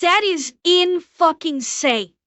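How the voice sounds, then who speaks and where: A young woman with a very high, bright voice rants bluntly and profanely as she reacts live on stream. Her voice is close and dry, with no room sound around it. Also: lively intonation, no room sound. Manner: blunt, profane, fast ranting.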